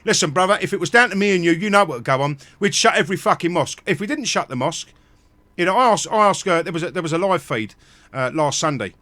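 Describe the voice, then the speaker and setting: A man hosting a live stream, ranting angrily with heavy swearing and bursts of shouting. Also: sits high, lively intonation, fast, no room sound. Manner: angry, profane, shouting in bursts. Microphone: close mic at home.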